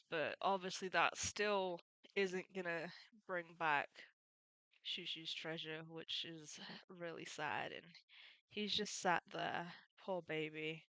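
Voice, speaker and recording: A woman with a bright, crisp voice talks casually through a comic's story. She is chatty and opinionated, and she adds fond side remarks as she goes. Her voice sounds dry and close to the mic. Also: fairly low pitch, dry recording, low-quality recording. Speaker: manga recap YouTuber. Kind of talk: casual chat retelling a comic.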